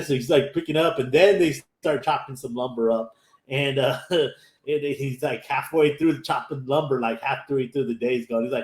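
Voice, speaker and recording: A man's voice: medium pitch, normal speed. A man, casually recapping an anime episode in a rambling way and acting out the characters' lines. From Texas, USA. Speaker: anime podcast host. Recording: echoey room.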